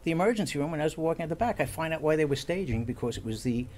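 A man's voice: fairly high pitch, expressive, racing, darkish tone. A man who is a former police officer, hosting a talk show and telling stories with dry humor. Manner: dry, wry storyteller who takes calls.

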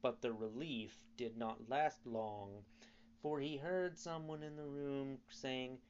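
Slow, measured male storybook narrator. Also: mid-range voice, highs cut off. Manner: unhurried, measured reading. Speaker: audiobook narrator. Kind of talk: storybook reading.

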